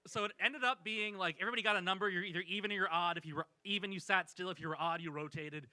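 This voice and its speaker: A man tells a stand-up story on a small club stage, wry and self-deprecating. His voice sits high and rings very bright. The mic picks him up close and dry. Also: steady tone, racing, dry recording, rough recording. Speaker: stand-up comedian. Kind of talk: stand-up set.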